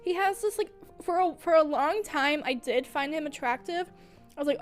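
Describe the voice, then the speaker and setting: A young woman with a high voice streams at a moderate pace, faint music behind her. Her talk is casual, gushing and filler-heavy, and giggles frequently interrupt her sentences.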